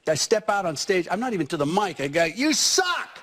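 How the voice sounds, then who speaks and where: A man's voice: high-pitched, fast. A middle-aged man, a comedian guest, telling rambling stories in a casual interview with frequent restarts.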